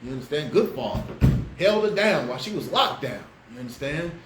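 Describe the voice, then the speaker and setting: A man preaching a street-style Bible class, fiery and slangy, swinging between loud outbursts and low asides. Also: lively intonation, a little fast, loud music behind the voice. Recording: echoey room with faint background noise.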